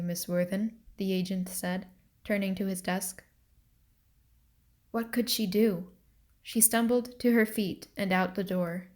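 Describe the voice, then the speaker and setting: A woman narrating a novel excerpt for students in a calm, deliberate reading. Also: mid-range voice.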